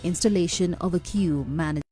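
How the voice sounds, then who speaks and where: Mellow woman reading news narration. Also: lowish voice, fast talker, soft background music. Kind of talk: scripted narration.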